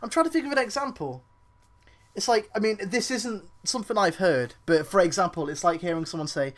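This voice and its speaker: A man's voice: high-pitched, fairly quick, fairly bright tone. A young man gaming and bantering over voice chat, sarcastic and teasing, swearing often. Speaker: gamer streaming play.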